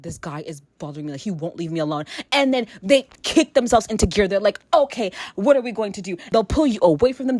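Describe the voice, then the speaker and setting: A young woman vlogging casually to camera, gushing and animated, with lots of fillers and exclamations. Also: fairly high pitch, no echo. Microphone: camera mic.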